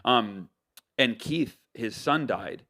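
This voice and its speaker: A man from the United States, an author, telling stories as a podcast guest in an animated way, with lots of fillers and restarts. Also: medium pitch, slow pace. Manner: animated, loose talk with many fillers and self-corrections. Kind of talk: casual storytelling interview.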